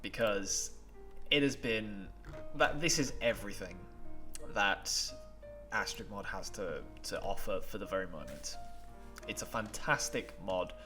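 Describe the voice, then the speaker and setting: A man's voice: on the low side, a little slow, music in the background. A man commenting on a game playthrough in a chatty, emotional way, laughing and moved as he wraps up. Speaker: gaming YouTuber.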